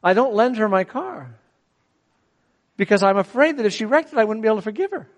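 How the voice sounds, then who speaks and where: This middle-aged preacher speaks briskly in a high register, with a long reverb tail trailing his words. He delivers his sermon conversationally and animatedly, regularly questioning the people listening.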